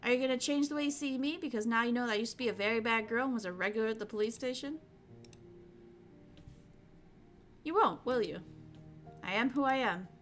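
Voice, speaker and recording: A woman's voice: fast, fairly bright tone, faint music behind, lightly acted. A woman voicing a spirited, loyal teenage girl while reading a visual novel aloud. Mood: reassuring. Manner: earnest, reassuring, high-spirited.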